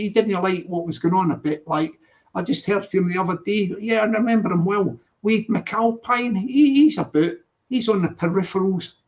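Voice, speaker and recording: A man hosting a casual live stream, rambling and repeating cheerful greetings to viewers. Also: high voice. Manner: chatty, rambling, repeats greetings in sing-song. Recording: dull lo-fi stream audio.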